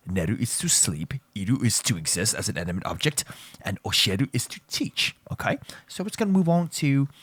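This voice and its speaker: A man with a husky, fairly low voice teaches a language lesson in a playful, teasing way. His delivery is lively and swings up and down, and he often repeats himself or corrects his own words mid-sentence. The sound is dry and close. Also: no room sound. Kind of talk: joking casual lesson.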